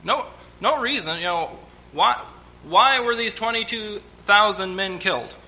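A man's voice: high voice, measured pace, bright, forceful tone, low-quality recording. A man teaching from the Bible, reading scripture aloud and stopping to comment in plain, conversational asides. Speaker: preacher.

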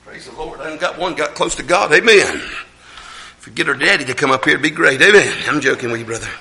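A man with an Appalachian accent preaching a loud, fervent sermon in a large church hall, breaking in with amens. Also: on the high side, quick pace. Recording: echoey hall, mic from a distance.

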